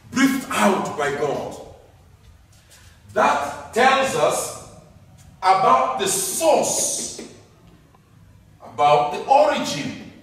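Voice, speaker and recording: A man preaching a sermon, emphatic, repeating key words and swinging between loud and soft. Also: high-pitched. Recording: echoey hall, distant mic.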